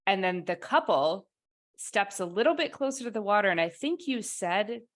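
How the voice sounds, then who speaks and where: A woman co-hosting a podcast, telling a story with lively acted-out quotes in casual chat. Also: mid-range voice, moderate pace. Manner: animated storytelling, acts out quotes. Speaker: podcast co-host.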